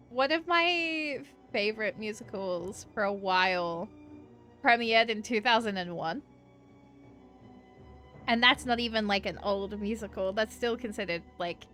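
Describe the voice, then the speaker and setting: With a bright, forceful, mid-range voice, an Australian woman rambles through a casual live-stream chat while gaming. Her accent leans American, she peppers her talk with "like," and she swears freely.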